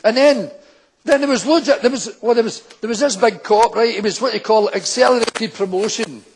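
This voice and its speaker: A man's voice: high-pitched, a little fast, background noise. A Scottish man with a Glaswegian accent, an older former policeman, doing live stand-up storytelling on stage and acting out the people in his anecdotes in broad local dialect. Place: town hall stage before a full house.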